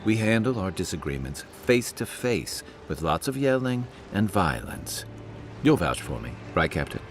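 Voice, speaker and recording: An actor playing a roguish former soldier and sailor companion in a game, with dry joking banter. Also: male voice, big pitch swings, normal speed, a little hiss or hum. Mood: wry. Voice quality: very deep, slightly filtered.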